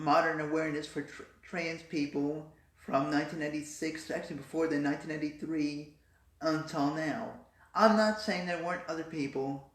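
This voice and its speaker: A woman in a casual vlog, explaining and demonstrating voice techniques. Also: sits low. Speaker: vlogger. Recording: roomy echo.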